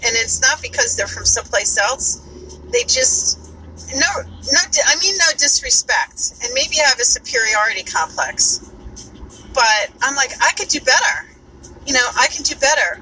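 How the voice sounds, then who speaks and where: A woman with a New York accent and a sharp, fairly high voice chats casually as she drives, rambling and swearing freely like the podcaster she is. The low-quality recording was made inside a moving car, with road and engine noise behind her.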